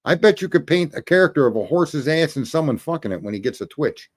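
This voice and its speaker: A man's voice: on the high side, expressive, quick pace. A man hosting a livestream, ranting profanely and scolding his chat commenters in casual commentary. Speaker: livestream host.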